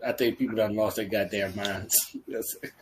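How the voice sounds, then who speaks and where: A man's voice: lowish voice, normal speed, slight background noise, low-quality recording. A man co-hosting a casual podcast, stammering, laughing and ranting in disbelief. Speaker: podcast co-host. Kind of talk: casual chat.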